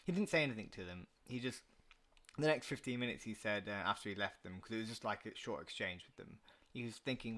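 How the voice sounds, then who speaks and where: A young man co-hosting a podcast, arguing his points in casual chat and getting louder and higher when he pushes back. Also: animated, fast. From England. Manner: argumentative, rising in pitch and volume when pressing a point. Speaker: podcast co-host.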